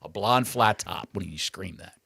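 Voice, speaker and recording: A man's voice: low-pitched, normal speed, creaky, slightly rough, dry recording, studio quality. A man co-hosting a podcast in casual chat, crude and sarcastic as he riffs. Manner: crude, sarcastic, animated riffing. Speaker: podcast co-host.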